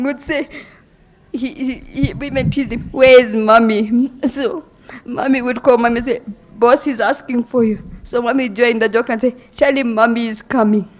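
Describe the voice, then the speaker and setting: A grieving woman giving a halting, emotional eulogy for her brother. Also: high-pitched. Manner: emotional, halting, voice breaking at times. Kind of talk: funeral eulogy.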